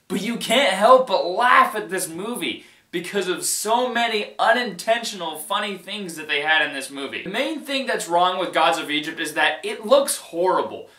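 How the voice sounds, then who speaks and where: A man's voice: high voice, sharp tone, echoey room. A man giving a casual movie-review rant, emphatic and exasperated, repeating his points and often breaking into laughter.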